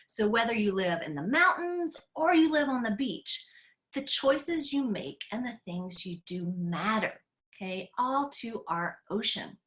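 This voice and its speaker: A woman's voice: a little high, a bit bright. A woman from Tennessee hosting a live online class for children as an aquarium educator. She is playful and enthusiastic and talks straight to the kids over a computer mic.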